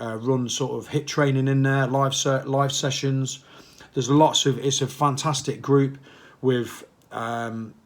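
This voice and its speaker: A man, a fitness coach, talking casually and passionately to camera, rambling and firing off repeated questions. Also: medium pitch. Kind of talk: casual motivational talk to camera.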